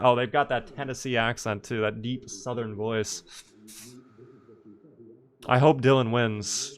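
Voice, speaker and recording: A man's voice: medium pitch, a little slow, clean tone. A young man casually chatting through a live gameplay stream, reacting to the game and answering his chat.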